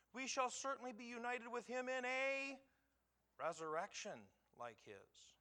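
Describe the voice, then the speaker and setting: A pastor teaching a sermon, reading scripture aloud and pausing to quiz the congregation for answers. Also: male voice, a little high, sharp tone. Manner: quizzes the congregation with pauses for answers.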